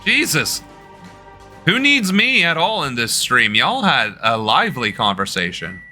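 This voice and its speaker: A man's voice: mid-range voice, sing-song, measured pace, sharp tone, soft background music. A young man chatting casually with his live-stream audience while playing a game, loose and joking. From United States. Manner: loose, joking, talking to chat. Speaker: political streamer.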